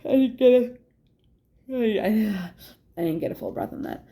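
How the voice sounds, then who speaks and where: Animated yet mellow, this young adult woman speaks in a mid-range voice at a moderate pace. She rambles candidly through a casual personal vlog, swearing often, laughing between thoughts, and yawning to catch her breath.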